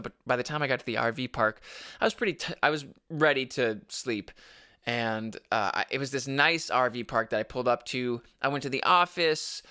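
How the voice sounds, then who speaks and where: A man's voice: medium pitch, bright, forceful tone, clear, resonant tone, no echo, clean studio sound. A man hosting his own podcast, telling a road-trip story casually, rambling with restarts and swearing freely. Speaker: podcast host.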